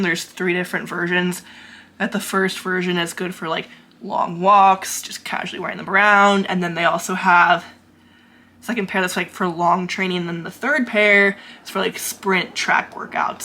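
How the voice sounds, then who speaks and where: A woman's voice: medium pitch, a bit bright, rough recording. A young woman chatting casually in a vlog, out of breath, rambling with lots of likes and restarts. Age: young adult. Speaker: vlogger.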